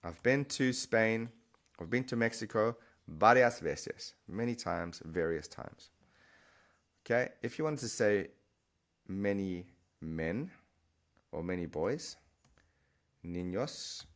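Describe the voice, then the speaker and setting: A deep-voiced man explains word patterns in a relaxed, chatty teaching voice. He keeps checking in with the listener and restates points as he goes. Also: a little slow, long pauses. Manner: chatty, encouraging, repeats and restarts while explaining. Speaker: Spanish teacher. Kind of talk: explaining vocabulary to camera.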